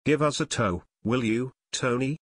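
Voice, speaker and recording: A man reading the part of a brash teenage boy steering a speedboat, yelling over the engine in an audiobook. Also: mid-range voice, a little slow, no echo, clean studio sound. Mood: matter-of-fact.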